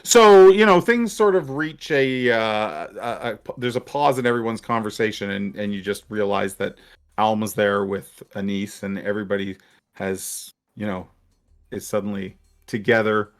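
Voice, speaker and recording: A man acting as dungeon master, narrating and voicing characters in a tabletop game, with a halting way of talking and many restarts. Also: on the low side.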